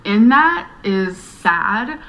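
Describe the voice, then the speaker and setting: A woman's voice: mid-range voice, expressive, drawn-out words, fairly bright tone, rough recording. Rambling woman vlogging to camera. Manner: rambling, earnest, emotional. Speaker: YouTuber. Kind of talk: talking to camera vlog.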